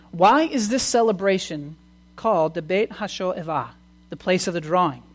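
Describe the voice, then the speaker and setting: A preacher giving a sermon, asking the listeners questions and moving between loud proclamation and quiet, conversational asides. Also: medium pitch. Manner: asks the audience many questions.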